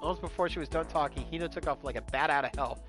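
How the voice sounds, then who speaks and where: A man's voice: on the high side, very fast. Jokey man narrating a game. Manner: crude, jokey commentary. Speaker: let's play host. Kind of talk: reading a game aloud with jokey asides. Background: game music.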